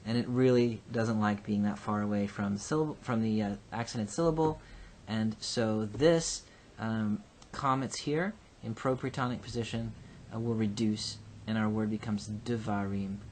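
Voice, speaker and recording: A man's voice: fairly low pitch, fairly even intonation, a little mellow, slight background noise. Patient man teaching Hebrew grammar. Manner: patient, explains slowly with frequent ums and uhs. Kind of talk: recorded lecture.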